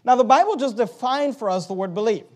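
A preacher with a very high, slightly mellow voice delivers an emphatic sermon. He stresses key words heavily, asks his listeners rhetorical questions, and pauses to read verses aloud.

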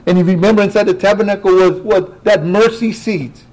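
Guy preaching, kinda high voice, chatty with the congregation, builds up to loud emphatic bits. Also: steady tone, brisk, rough recording. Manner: swings from quiet asides to rising, emphatic exclamations; folksy, talks directly to the congregation. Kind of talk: sermon.

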